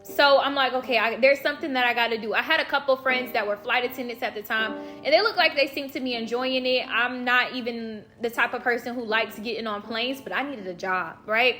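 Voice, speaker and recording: A young woman from Florida talks straight to her viewers, chatty and animated, and she often calls them y'all. Her voice sits a little high and sounds bright and forward. Faint music plays softly behind her. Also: a little fast, few pauses. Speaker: vlogger. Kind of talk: casual storytime.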